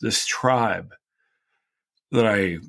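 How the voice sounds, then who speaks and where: A man from Kentucky talks through a personal story in a loose, rambling way, with "you know" scattered all through it. His voice sits low and has a gravelly, crackly edge. He sounds heartfelt and close to tears. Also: drawn-out words, fairly bright tone. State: tearful at times. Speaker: historian host.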